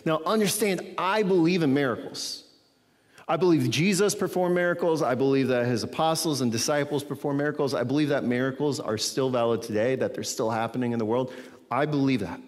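A man serving as pastor teaches from scripture in a sermon, speaking conversationally and often checking in with his listeners. His medium-pitched voice is brisk, with a long reverb tail.

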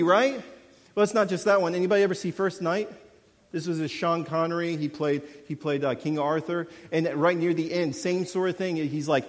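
A young man delivers a casual, animated sermon in a fairly high voice. He swings between loud bursts and quiet asides as he preaches. The sound carries a long reverb from a large hall. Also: a little fast.

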